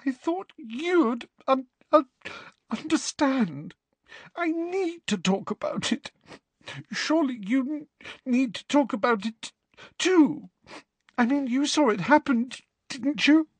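Cho, a shrill tearful schoolgirl, as a man puts her on. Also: animated, slow pace, husky, dry recording, full character voice. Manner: sobbing, stammering, shrill. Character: tearful, jealous teenage schoolgirl.

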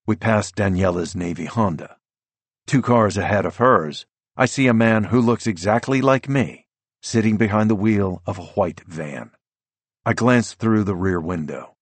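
Male audiobook narrator, very low and a touch husky, dry close studio sound, steady and tense. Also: no echo. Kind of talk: first-person audiobook narration.

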